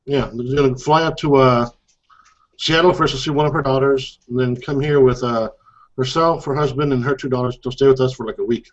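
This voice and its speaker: A man's voice: mid-range voice, fairly even intonation, a little fast. Chatty man on a muffled call. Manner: chatty, laughs often, many fillers. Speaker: co-host of a live chat show. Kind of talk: casual chat.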